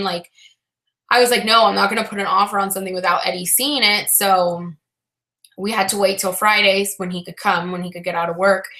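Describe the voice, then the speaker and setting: A young woman with a bright, clear tone talks casually to her live-stream chat from home. She rambles openly, trailing into fillers and restarts, and sounds a little flat and frustrated throughout. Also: medium pitch. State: low-spirited, frustrated. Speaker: reseller vlogger answering live chat.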